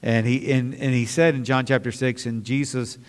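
A man's voice: medium pitch, level tone, moderate pace, clean tone. A man preaching a sermon in an earnest way that rises into impassioned bursts. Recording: long hall reverb.

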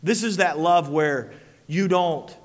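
A man preaching a sermon as pastor, swinging from hushed, quiet passages to loud shouted peaks. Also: fairly high pitch, slow. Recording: long hall reverb.

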